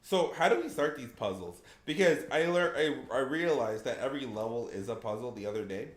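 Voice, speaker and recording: A man's voice: mid-range voice, expressive, brisk, reverberant. A man streaming a game, chatting casually with viewers and reacting with laughs.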